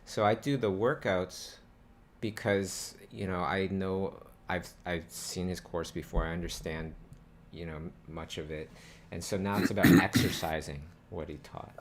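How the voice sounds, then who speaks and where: A man's voice: sits low, fairly even intonation, measured pace, a little hiss or hum. A man hosting a casual group chat, rambling and thinking aloud with many fillers. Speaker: host.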